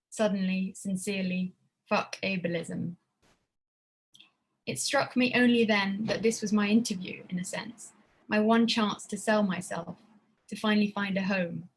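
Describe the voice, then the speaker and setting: Woman reading prose, measured and wry. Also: mid-range voice, slight background noise. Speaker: student writer reading her work. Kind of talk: prose reading at a literary evening.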